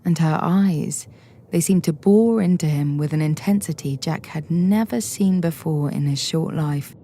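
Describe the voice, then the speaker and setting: A woman reading a short story aloud in a measured, steady narration. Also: deep voice. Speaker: audiobook reader.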